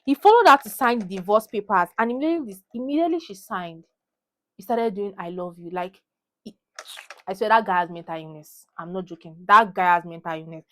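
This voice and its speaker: A woman's voice: mid-range voice, fairly quick, a bit bright. A young woman with a Nigerian accent, ranting heatedly about a movie to her phone camera and repeating lines for emphasis. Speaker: vlogger. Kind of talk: animated movie rant.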